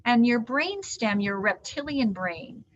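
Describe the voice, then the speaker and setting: A woman trainer giving an animated live training talk to caregivers, teaching with hand gestures. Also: a little high, slow. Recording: dull lo-fi sound.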